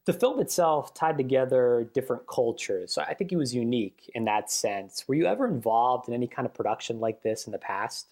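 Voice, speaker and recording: TV host, interviewer, plain steady voice, short direct questions. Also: medium pitch, fairly quick, few pauses. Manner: brief, straightforward questions.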